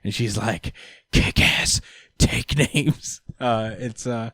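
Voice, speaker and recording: A man co-hosting a comics podcast at a middling pitch. He recaps the story loosely with lots of fillers and playful quoted voices. The sound is close and dry. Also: slow pace, a bit bright, no room sound. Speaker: podcast co-host. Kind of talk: casual comics discussion.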